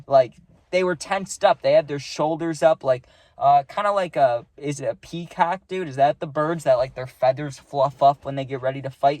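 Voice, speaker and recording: Young dude rambling thru a storytime, kinda high voice, dry close sound, lots of likes. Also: male voice, a little mellow, dry recording. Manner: rambling, filler-heavy, acts out the scene. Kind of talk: casual storytime.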